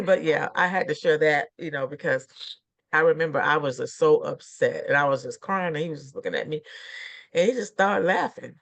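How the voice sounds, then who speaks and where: Woman, middle-aged, gravelly creak, casual podcast guest, rambling, laughing. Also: low voice, moderate pace. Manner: laughing, rambling storyteller with many fillers. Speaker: guest minister. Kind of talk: casual chat.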